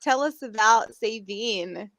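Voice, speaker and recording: A woman's voice: fairly high pitch, slow, a bit bright, no echo. A woman co-hosting a podcast, chatting casually and rambling with restarts. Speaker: podcast co-host. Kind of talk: casual chat.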